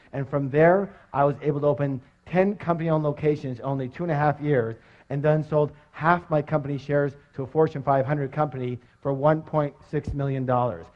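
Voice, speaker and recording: Man, seminar speaker, energetic, fairly high voice, quizzes the crowd, dull lo-fi sound. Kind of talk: motivational seminar talk. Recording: dull lo-fi recording.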